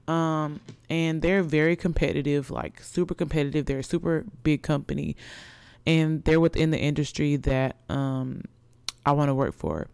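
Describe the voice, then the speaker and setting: A young adult woman telling her viewers a story in a chatty, excitable, slangy way. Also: low voice, clear, resonant tone, no echo. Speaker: vlogger.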